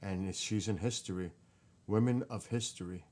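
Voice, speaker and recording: Deep-voiced man, emotional vlog. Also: normal speed. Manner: emotional, excited, muttering while reading. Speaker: vlogger. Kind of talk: casual vlog, researching family tree.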